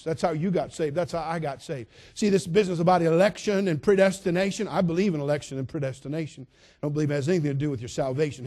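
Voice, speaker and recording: Man, pastor, sermon, emphatic, repetitive, soft-to-loud swings, slightly high voice.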